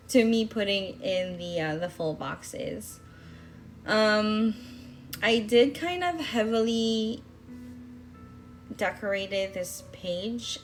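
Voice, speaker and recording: A young woman talking casually in a voice-over about her planner spreads, rambling with fillers and restarts. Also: medium pitch. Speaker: planner vlogger.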